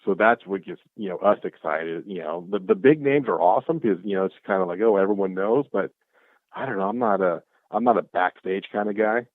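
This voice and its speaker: A man with a fairly low voice tells stories with excitable energy, acting out what everyone said. His voice comes through a thin, tinny call line that sounds like a phone. The sound is dry, with no room around it. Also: a little fast, no room sound. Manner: excitable, acts out quoted exchanges. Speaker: guest, clothing brand founder. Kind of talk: casual storytelling chat. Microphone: call audio.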